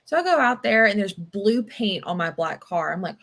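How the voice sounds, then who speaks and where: A young adult woman hosts a casual book-club livestream, chatting and telling stories in a rambling way with lots of fillers. Her medium-pitched, fairly bright voice moves fairly quickly with few pauses.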